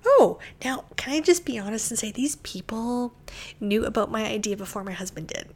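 Candid, expressive woman telling her story. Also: a little high, moderate pace. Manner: candid and expressive, with laughs and whispered asides. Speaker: podcast host and bookshop owner. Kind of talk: personal storytelling monologue.

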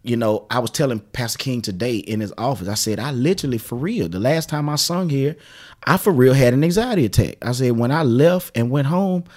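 A man, a pastor, telling lively stories in casual conversation and laughing often. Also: mid-range voice, brisk. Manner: animated storytelling, laughs often.

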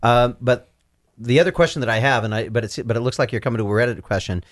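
A man co-hosting a casual book discussion podcast, laughing often as he retells scenes with animated energy. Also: medium pitch, quick pace, no echo, studio quality. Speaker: podcast co-host.

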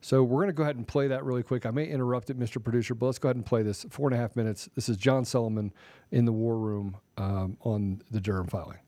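A man hosts a casual political talk show in a plain, mid-pitched voice. He tells anecdotes and acts out both sides of each exchange. The sound is dry and close. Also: fairly even intonation, fast, warm tone, dry recording. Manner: storytelling, acts out dialogue. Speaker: show host.

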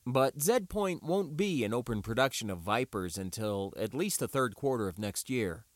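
A man's voice: medium pitch, normal speed, no room sound, natural voice. A man doing an easygoing weapons instructor. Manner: relaxed, explanatory lecturing. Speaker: teacher. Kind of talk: audiobook character voice.

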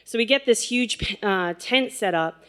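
A woman casually telling a funny personal story, animated, laughing and acting out quotes. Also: medium pitch, measured pace, smooth.

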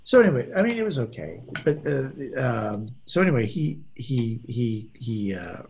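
A man's voice: mid-range voice, sing-song, normal speed, darkish tone, breathy edge. A man co-hosting a casual podcast, telling rambling anecdotes and slipping into voices for the people in them. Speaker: podcast co-host. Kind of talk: casual chat, storytelling.

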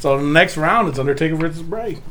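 A man's voice: fairly high pitch, lively intonation, fast talker, fairly bright tone. A man hosting a casual podcast chat, laughing often as he runs the discussion. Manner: laughs often, tiebreaker running the bracket. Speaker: podcast host.

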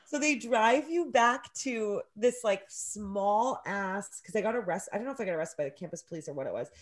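A woman's voice: medium pitch, fairly quick. Swearing woman telling a wild story. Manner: animated storytelling, heavy swearing. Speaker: podcast co-host. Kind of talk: casual chat.

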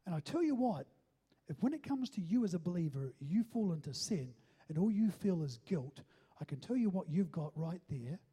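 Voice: mid-range voice, sing-song, moderate pace, dark tone, breathy edge. A pastor preaching a sermon, stressing each point and often asking the listeners if they are following. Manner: keeps checking in with the listeners, emphatic.

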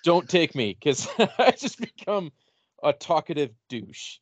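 A man's voice: on the high side, very animated, a little slow, no room sound. Opinionated male co-host, dull audio. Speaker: podcast co-host. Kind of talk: casual film review chat.

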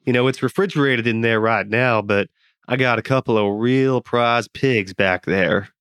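A man's voice: medium pitch, moderate pace, fairly bright tone, smooth, dry recording, studio quality, lightly acted. Man putting on a drawling Southern trucker. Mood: friendly. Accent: put-on Southern US. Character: huge burly male trucker, friendly and easygoing.

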